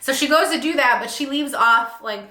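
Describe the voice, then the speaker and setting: A chatty, animated young woman casually reviewing books, full of fillers. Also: high voice, normal speed, roomy sound. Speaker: book reviewer. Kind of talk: casual book review chat.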